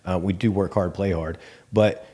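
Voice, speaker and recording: A Texan man with a low, mellow voice, speaking as a guest in a relaxed interview. He tells his stories lively and plays out every conversation in his own voice, sprinkling in plenty of ums and you-knows. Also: moderate pace, breathy edge. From Texas Panhandle. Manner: animated, acts out quoted dialogue with many fillers. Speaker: bank CEO, guest. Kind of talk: casual interview storytelling.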